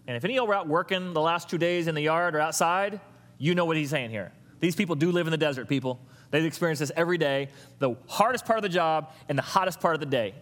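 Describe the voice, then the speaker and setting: A man preaching a sermon as pastor, lively and conversational, throwing questions and asides to the congregation. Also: fairly high pitch, fast. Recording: long reverb of a large hall.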